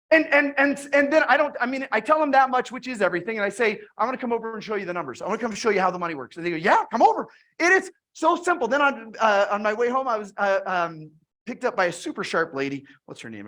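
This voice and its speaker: Woman, direct-sales trainer, mid pitch, excited anecdotal delivery, trips over her words. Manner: energetic storytelling with frequent restarts. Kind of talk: motivational sales talk with retold conversations.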